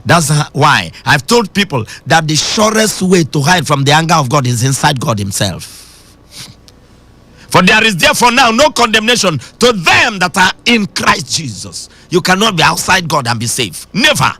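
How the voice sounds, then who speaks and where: Bright, lively preacher man. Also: fairly high pitch, moderate pace, husky, dry recording. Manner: emphatic preaching that swings between shouting and sing-song. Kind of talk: radio sermon.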